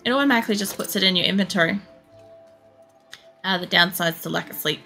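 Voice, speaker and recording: A woman streamer giving casual, chatty gameplay commentary, swearing freely as she thinks out loud. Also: on the low side, fast, soft background music. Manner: chatty and profane, thinking aloud. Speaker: game streamer.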